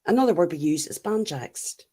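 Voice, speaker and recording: A woman's voice: lowish voice, animated, brisk, dark tone, breathy edge. A middle-aged Irish woman chatting casually as she answers live comments, blunt and laughing often. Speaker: YouTube livestream host.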